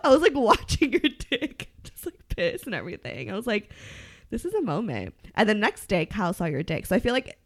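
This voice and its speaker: A bubbly young woman hosts a casual chat, a little tipsy and laughing often. Her voice swoops up and down with lively pitch as she acts out her own stories. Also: fairly quick. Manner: bubbly, laughing, quotes herself in dialogue. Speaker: podcast host.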